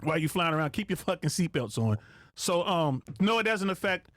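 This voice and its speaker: A man races through his stories at a rapid clip in a fairly high voice. He curses freely and acts out pilot and controller radio calls. The sound is dry and close. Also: animated, fairly bright tone, no echo. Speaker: podcast guest, air traffic controller. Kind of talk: casual podcast storytelling.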